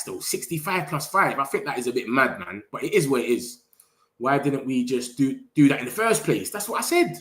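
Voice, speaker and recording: Excitable young man on a live stream. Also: medium pitch. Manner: excitable, slangy, talks straight to chat. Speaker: football livestream host. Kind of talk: casual live-stream chat reacting to chat.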